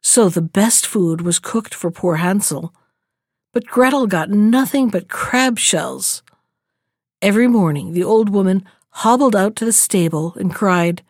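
A woman's voice: mid-range voice, animated, measured pace, a little mellow, no echo, clean studio sound. Woman reading a fairy tale aloud. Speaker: storyteller.

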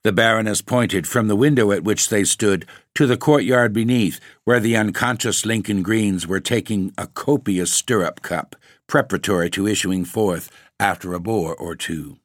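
A man narrating a classic story for a podcast, in a measured, wry storytelling manner. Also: on the low side, no echo, studio quality. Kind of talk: scripted ghost-story reading.

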